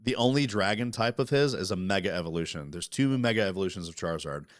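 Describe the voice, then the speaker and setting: A man chatting casually as a podcast co-host, animated and profane, talking over interruptions. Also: deep voice, fast, no room sound, clean studio sound. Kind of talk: casual chat.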